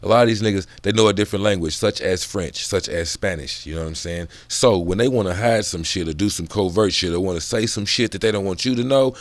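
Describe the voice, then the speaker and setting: A man's voice: deep voice, fast, hardly any pauses, no echo. A man in casual, profane book commentary, drifting off on tangents and laughing between thoughts. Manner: loose, profane, digressive talk.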